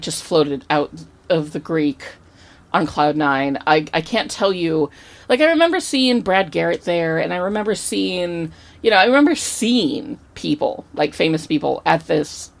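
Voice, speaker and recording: A woman co-hosting a podcast, telling a story in an animated, chatty way with casual swearing. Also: low-pitched, gravelly. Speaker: podcast co-host.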